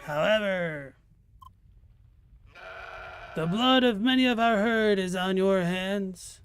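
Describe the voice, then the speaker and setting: A streamer voicing the solemn leader of a herd of talking goats in a game, speaking slowly and formally. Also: mid-range voice, faint music behind, close to an everyday voice. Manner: measured, grave and formal. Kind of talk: reading game dialogue aloud in character.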